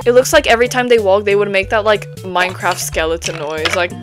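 A woman's voice: mid-range voice, fairly even intonation, brisk, hardly any pauses. A young woman giving casual commentary on her gameplay. She chats along and keeps breaking into panicked shrieks. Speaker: gaming streamer. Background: game music.

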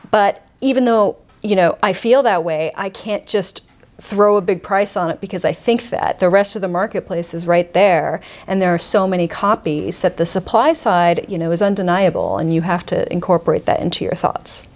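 A woman's voice: fairly low pitch, moderate pace. A woman who deals in rare books, talking enthusiastically and thoughtfully in an interview. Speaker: rare book dealer, guest. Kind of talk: conversational interview.

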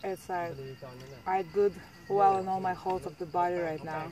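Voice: medium pitch, fairly even intonation, slow pace. Someone chatting casually and playfully, gushing while eating with friends outdoors. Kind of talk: casual chat.

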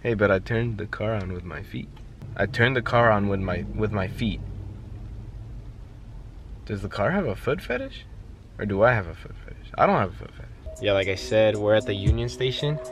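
A man's voice: on the low side, lively intonation, normal speed, a little hiss or hum. A man vlogging in a playful, casual way, laughing often while he talks from inside a car. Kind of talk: casual vlog chat.

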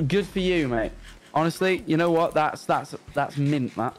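Lively higher-voiced man, wry banter, faint game music behind. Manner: wry, animated, quick to protest. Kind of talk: casual gaming chat on a stream.

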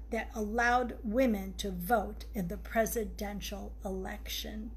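A woman author reads her own book aloud in an unhurried storytelling way, speaking straight to her viewers. Her voice sits fairly high, with a faint hiss underneath. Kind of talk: storytelling reading.

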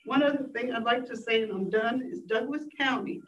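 A woman's voice: on the high side, brisk, a little hiss or hum. Upset woman pleading at a public meeting. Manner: upset and pleading, rising to emphatic. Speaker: citizen giving public comment. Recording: distant mic in an echoey room, dull sound.

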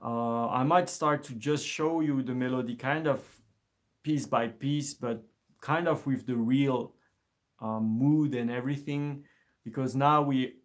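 A man teaching an instrument lesson on a live stream, speaking in a relaxed, hesitant way with many fillers and restarts. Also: mid-range voice, gravelly. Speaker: music teacher.

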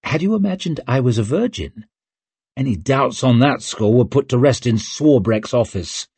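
A man's voice: medium pitch, lively intonation, normal speed, creaky, darkish tone, breathy edge, no echo. A man voicing a cold, proud noblewoman with an icy, mocking way of speaking, in an audiobook. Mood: coolly mocking.

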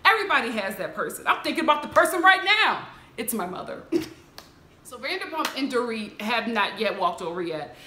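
A woman casually recapping a reality show, mimicking the cast members with bright put-on voices. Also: brisk, echoey room, a little hiss or hum. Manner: animated, mimics the people she recaps in a higher voice. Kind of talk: casual commentary.

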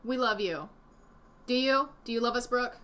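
A woman giving casual reaction commentary from home, indignant and animated, swearing often. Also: fairly high pitch, normal speed, a little hiss or hum. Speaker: commentary vlogger. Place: home room with desk and a dog nearby.

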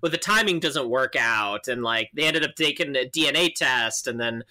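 Male podcast co-host, easygoing storyteller, bright and forward tone. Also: medium pitch, normal speed. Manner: relaxed anecdote teller, laughs easily. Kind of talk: casual chat.

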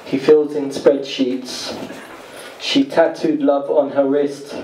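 A man performing spoken word poetry with a deadpan, rhythmic storytelling delivery. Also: mid-range voice, takes it slowly. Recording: echoey live room, distant mic, noisy.

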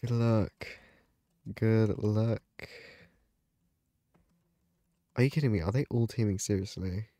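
A man's voice: on the low side, slow, long pauses, dark tone, no room sound, clean studio sound. A man giving live gaming commentary, dramatic and panicky, often exclaiming and laughing. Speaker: gaming video creator.

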